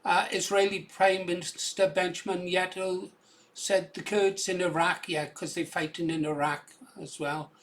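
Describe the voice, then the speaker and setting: A man's voice: sits high, level tone, moderate pace. A man with an English accent giving casual, conversational commentary on video clips, often adding "yeah?" to his points. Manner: conversational, tag questions like "yeah?".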